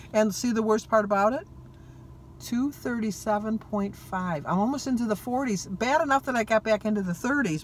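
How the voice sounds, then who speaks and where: An older woman with a Michigan accent, talking casually and poking fun at herself while driving, her throat a little froggy. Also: mid-range voice. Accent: Michigan American. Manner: chatty, self-mocking, laughs at herself. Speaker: vlogger. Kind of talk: casual talk to camera. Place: in a car, driving. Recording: noisy car interior.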